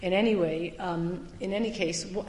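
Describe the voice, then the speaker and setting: A woman teaching a Torah class as a summer lecture, stressing some points loudly and dropping into quiet asides. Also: fairly low pitch, steady tone, moderate pace, a little hiss or hum. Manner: emphatic, swings between loud stresses and quiet asides. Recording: echoey hall with long reverb.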